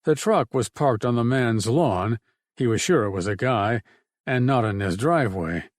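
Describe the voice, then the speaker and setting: A man reading an audiobook in a steady, measured narration. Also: mid-range voice, no echo, clean studio sound. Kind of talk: scripted narration.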